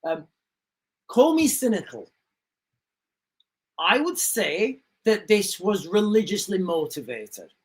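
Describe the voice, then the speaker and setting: A woman's voice: mid-range voice, very animated, takes it slowly, pauses often, rough recording. Indignant rambling woman livestreamer. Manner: indignant, rambling, repeats herself. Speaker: livestream host. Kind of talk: casual livestream commentary.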